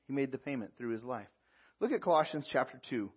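A man's voice: mid-range voice, animated, fast talker, husky, dull audio. A man preaching as a pastor, reading scripture aloud and explaining it verse by verse. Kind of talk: sermon.

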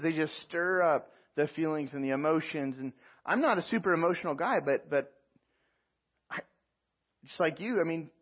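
A man preaching a sermon, telling a personal story with animated asides and self-mocking laughs. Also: fairly high pitch, slightly rough, muffled recording. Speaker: pastor.

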